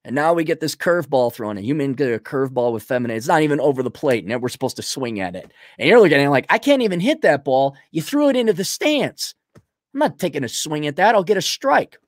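A middle-aged man rambles through folksy, animated advice for a listener. His voice sits high for a man and leaps up and down. The sound is dry and close, with no room around it. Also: no room sound. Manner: animated, rambling, folksy storytelling with sudden loud swings. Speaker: advice host answering a listener. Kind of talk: casual advice monologue.

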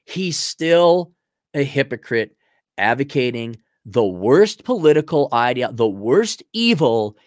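A man hosting a show, answering viewer questions in a heated, profane rant full of halting restarts. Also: medium pitch, sing-song, no room sound, clean studio sound. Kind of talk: ranting commentary.

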